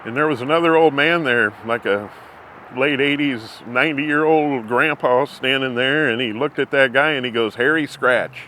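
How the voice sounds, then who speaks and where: A middle-aged man, telling rambling, folksy anecdotes in an interview and often clearing his throat. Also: mid-range voice, normal speed, sharp tone, a little hiss or hum. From Missouri. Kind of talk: casual storytelling.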